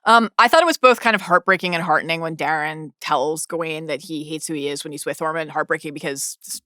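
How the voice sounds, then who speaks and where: A woman co-hosting a podcast in casual chat, eager, agreeing readily and quick to laugh. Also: low-pitched, pushed and bright, dry recording, studio quality. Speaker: podcast co-host.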